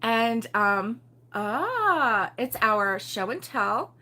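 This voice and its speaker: A woman's voice: on the high side, very animated, very slow, pushed and bright. An older woman from Baltimore hosting a casual crochet livestream, chatty and giggly, rambling with lots of ums. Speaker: crochet show host.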